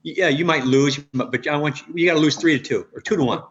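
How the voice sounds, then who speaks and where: A man in his sixties, a former pitcher and guest, telling stories in a rambling way with many restarts. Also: quick pace. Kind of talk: casual interview storytelling. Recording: dull lo-fi audio.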